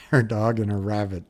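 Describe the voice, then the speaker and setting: A middle-aged man hosting a livestream, chatting casually and rambling through viewer comments with frequent chuckles. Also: on the low side. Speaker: livestream host.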